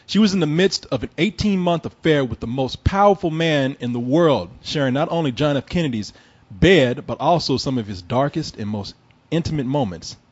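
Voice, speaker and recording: A man's voice: a little high, lively intonation, normal speed, slightly rough, lo-fi sound. A man hosting a comedy podcast, reading a news story aloud with crude, laughing asides. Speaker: podcast host.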